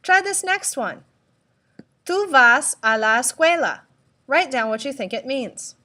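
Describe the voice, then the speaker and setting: Bright-voiced woman teaching a lesson. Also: sits high, lively intonation. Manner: slow, deliberate, spells out letters and prompts repetition. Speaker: Spanish teacher. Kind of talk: recorded classroom tutorial.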